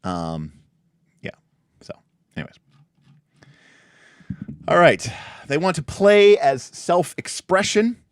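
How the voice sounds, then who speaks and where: This livestream host sounds fairly high and clean, speaking slowly with long pauses. While reviewing the rules of a tabletop game he stays casual and animated, often restarting or drifting into asides, in a clean studio recording with no echo.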